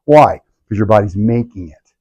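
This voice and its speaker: A man giving a lively health workshop to a live audience, asking the room questions and acting out patients' complaints in a jokey way. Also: lowish voice, moderate pace, low-quality recording. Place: clinic event room.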